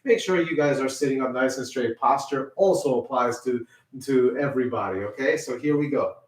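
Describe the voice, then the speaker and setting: A man teaches a children's music class, talking students through stretches and breathing and checking in with "okay?" again and again. His voice sits at an ordinary middle pitch. The sound is roomy and heard from some distance off the mic. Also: moderate pace. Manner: encouraging, repeats "okay?" often.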